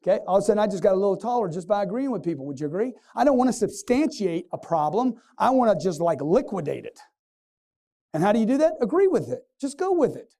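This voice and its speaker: A man's voice: sits high, sing-song, quick pace, warm tone. A man giving a motivational sales seminar on stage, quizzing the live audience and acting out customers in punchy bursts. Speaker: sales trainer.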